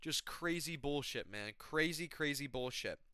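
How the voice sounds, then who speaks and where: Bright, excitable, swearing fight fan. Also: male voice, a little high, measured pace, clean tone, no echo. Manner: excitable, profane, slangy fan talk. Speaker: MMA channel host. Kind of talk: casual fight-prediction rant.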